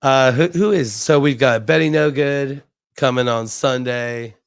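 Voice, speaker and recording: Laid-back man with halting speech. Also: medium pitch, clean tone, no echo, studio quality. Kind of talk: casual bar chat.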